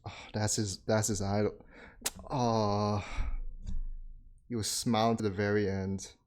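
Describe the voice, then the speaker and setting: Speaking directly to his viewers, an anime reaction channel host offers casual commentary full of exclamations, laughter, and swearing. His voice is on the low side, level in tone, and a little slow.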